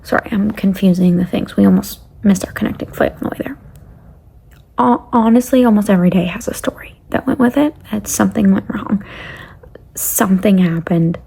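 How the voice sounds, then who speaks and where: A young woman vlogger telling a casual travel story, rambling along and often dropping to a breathy near-whisper. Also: medium pitch, a little fast, warm tone.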